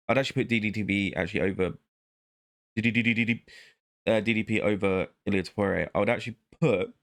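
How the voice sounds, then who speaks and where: A man vlogging in a casual, rambling monologue, talking to himself and breaking off mid-thought. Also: on the low side. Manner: rambling, self-interrupting, muttering to himself.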